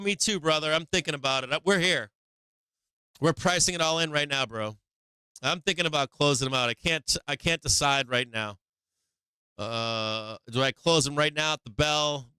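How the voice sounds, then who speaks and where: A man's voice: medium pitch, sharp tone, smooth, no room sound. A man hosting a stock market livestream, chatting casually and profanely with his viewers in a rambling way.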